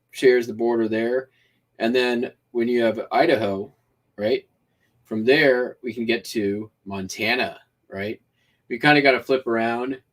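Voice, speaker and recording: A man hosts a laid-back vlog, chatting in a meandering way full of "like" and "kind of". His voice sits in a middle range, and he talks his way through hand gestures as he goes. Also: mid-range voice. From Washington state, US. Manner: loose and meandering, lots of "like" and "kind of" fillers. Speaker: host of a shipping vlog. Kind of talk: casual rambling chat.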